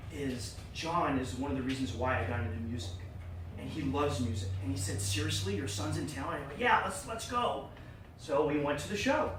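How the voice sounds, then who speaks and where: Animated man telling a story, echoey room. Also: mid-range voice, recorded from a distance, a little hiss or hum. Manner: animated, acts out quoted voices. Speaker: club speaker. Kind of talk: personal storytelling speech. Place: meeting room.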